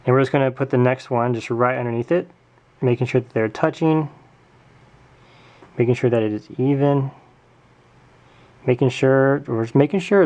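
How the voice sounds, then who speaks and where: A man's voice: medium pitch, moderate pace, creaky, pauses often, darkish tone. A man hosting a casual hands-on craft tutorial at home, chatting and correcting himself with jokey asides as he works. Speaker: tutorial host.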